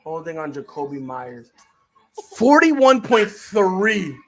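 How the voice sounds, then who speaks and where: An excitable streamer calling a game play by play in a loose, slangy way. The pitch swings widely as calm calls break into shouted reactions and laughter, with quick asides to the viewers. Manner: slangy, chats with viewers between plays. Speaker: sports streamer. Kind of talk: casual live play-by-play commentary.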